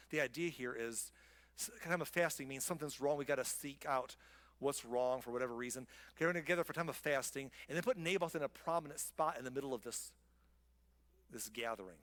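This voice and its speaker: A male pastor preaching a sermon in a relaxed, conversational and wry way, with asides to his listeners. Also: medium pitch, quick pace, long reverb tail.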